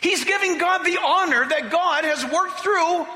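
Male pastor, animated sermon delivery, very bright tone, long church reverb. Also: extremely high pitch, measured pace. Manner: animated preaching, acts out quoted voices.

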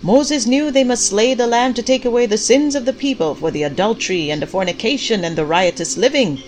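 A woman reading aloud and voicing a male preacher who shouts his sermon in a hollering, preachy way. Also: high-pitched, lively intonation, moderate pace, voice pushed up. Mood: fervent.

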